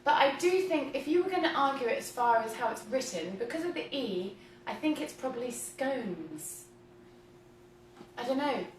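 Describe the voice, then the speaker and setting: Chatty high-voiced woman baking. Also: animated, fairly quick, few pauses, a little hiss or hum. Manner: chatty, giggly, reads viewer comments aloud. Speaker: host of a home cooking livestream. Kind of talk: casual livestream chat while baking. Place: home kitchen, indoors. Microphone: camera mic at a distance. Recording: roomy kitchen from a distant mic.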